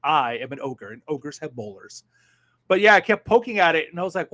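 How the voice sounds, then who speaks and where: A man in his fifties hosting a casual livestream, reading viewer comments in a sardonic, animated way that swings from muttering to loud outbursts and swears freely. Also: high voice, fast talker. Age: 50s. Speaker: livestream host.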